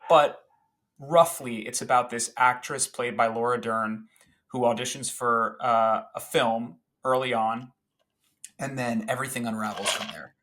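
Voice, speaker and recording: A man chatting as a podcast guest, recounting a favorite film scene in an animated, rambling way with fillers and restarts. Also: mid-range voice, a little slow.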